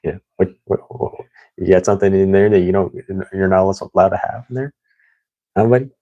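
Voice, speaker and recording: Guy doing a pushy airport security guy, low voice, poking questions. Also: a little fast, mellow, muffled recording, close to an everyday voice. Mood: teasing. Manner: prodding, teasing questions. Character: pushy young male airport security screener.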